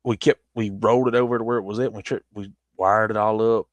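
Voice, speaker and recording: A man's voice: fairly low pitch, steady tone, fast talker, no room sound. A man with a Southern US accent telling a long casual story on a stream, rambling with restarts.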